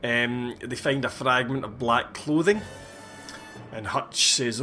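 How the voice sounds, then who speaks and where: A man's voice: medium pitch, takes it slowly, pushed and bright, soft background music. A man, casually recapping a film with wry, sweary asides. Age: 40s. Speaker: podcast host. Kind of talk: casual chat.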